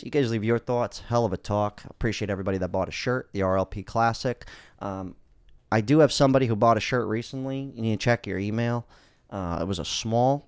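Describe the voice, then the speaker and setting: A man's voice: on the low side, no room sound, clean studio sound. A man hosting a casual solo podcast, talking bluntly and swearing freely as he rambles through his thoughts. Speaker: podcast host.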